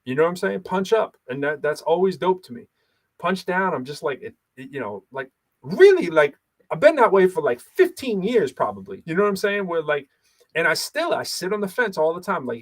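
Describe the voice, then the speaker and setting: Animated man chatting with lots of fillers. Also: a little high, a little fast. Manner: animated, laughs often, many fillers. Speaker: podcast host and battle rapper. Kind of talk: casual chat.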